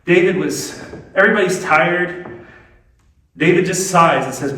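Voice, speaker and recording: A man preaching a sermon as pastor, swinging between loud emphatic lines and hushed ones. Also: fairly high pitch, fairly even intonation, unhurried, long pauses. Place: church sanctuary. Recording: very echoey church hall, mic at a distance.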